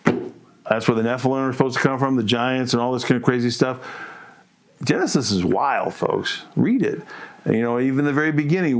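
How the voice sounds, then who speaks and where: A middle-aged man co-hosting a podcast, talking in a casual, animated way, firing off provocative rhetorical questions and calling his listeners folks. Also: mid-range voice, moderate pace. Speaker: podcast co-host. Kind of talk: casual opinionated monologue.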